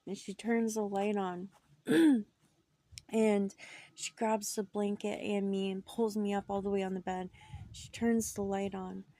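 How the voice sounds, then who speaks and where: A woman's voice: mid-range voice, little pitch movement, unhurried, warm tone, no echo. A woman casually telling a true paranormal story from her childhood, chatty and dropping into whispers for suspense. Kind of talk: casual first-person storytelling.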